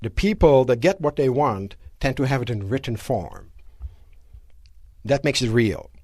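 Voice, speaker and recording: A man giving a live motivational seminar lecture to an audience in a room, animated and asking rhetorical questions. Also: medium pitch, unhurried, no room sound, studio quality. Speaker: seminar speaker.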